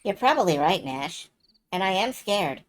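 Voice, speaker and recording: A woman voicing a quiet, earnest young woman heir to a magic guild, speaking softly in a game reading. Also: big pitch swings, normal speed, rough recording. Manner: soft, low and earnest.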